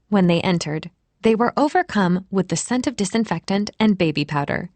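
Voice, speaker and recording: Woman reading a romance audiobook, lively pitch, dry close mic. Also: moderate pace, no room sound. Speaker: audiobook narrator. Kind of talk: scripted narration. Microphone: close studio mic.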